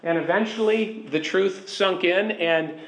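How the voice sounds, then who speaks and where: Chatty pastor in an echoey room. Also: male voice, high voice, measured pace, fairly bright tone. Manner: chatty, asks the room for agreement. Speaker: pastor teaching a Bible class. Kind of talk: conversational Bible teaching.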